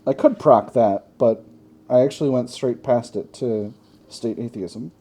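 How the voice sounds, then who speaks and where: A man's voice: mid-range voice, a little slow, mellow. A man hosting a gaming channel, chatting through a strategy game, thinking aloud with wry self-mocking asides.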